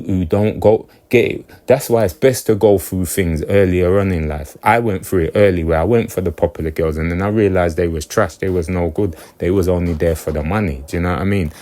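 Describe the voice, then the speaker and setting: A man talking in a very low, deep voice. His casual monologue rambles and loops back on itself. He keeps asking whether the listener gets what he means. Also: darkish tone. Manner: rambling, repeats himself, keeps checking "you get me". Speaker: commentator.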